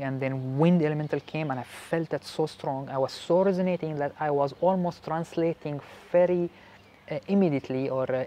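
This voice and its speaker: Halting male spiritual vlogger. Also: a little high, warm tone, muffled recording, slight background noise. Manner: halting, repeats words while searching for phrasing. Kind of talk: casual explanatory vlog talk.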